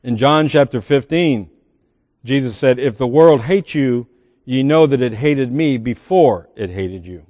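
A man's voice: mid-range voice, expressive, unhurried, darkish tone, in a large hall. A man preaching a sermon as pastor, reading scripture aloud with emphatic swells and sudden drops. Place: large church sanctuary.

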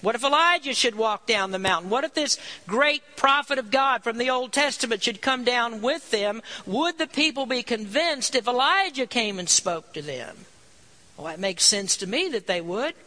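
Bright high-voiced male preacher. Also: animated, moderate pace, rough recording. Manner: earnest, rising emphasis on key points, reads scripture aloud. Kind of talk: sermon.

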